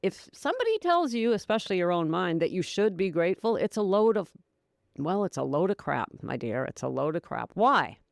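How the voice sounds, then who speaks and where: A woman with a lowish, creaky voice hosts her own sobriety podcast, talking a little fast and with lots of animation. As a sobriety coach, she chats casually and encouragingly and laughs often. The recording is dry and clean, with a studio sound.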